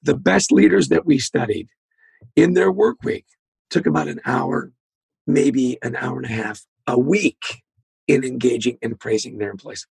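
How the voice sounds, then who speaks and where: Male guest, very gravelly and husky, animated storyteller who acts out the dialogue. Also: mid-range voice, unhurried, no room sound. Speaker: guest, leadership author. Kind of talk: storytelling interview talk.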